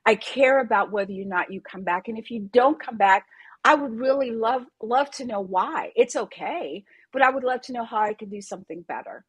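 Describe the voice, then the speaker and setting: A soft-spoken woman who teaches Pilates talks earnestly on a conference panel, laughing often. Her voice sits a little high and has a husky edge. The sound is close and dry. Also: moderate pace, no room sound. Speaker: Pilates instructor, guest speaker.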